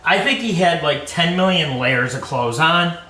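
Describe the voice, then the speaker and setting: Casual podcast co-host, male, jokey storyteller, bright tone, recorded from a distance in an echoey kitchen. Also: a little high, normal speed, slight background noise. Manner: chatty, jokey storyteller with animated quoted voices. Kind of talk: casual chat while cooking. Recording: echoey room, distant mic, faint ambience.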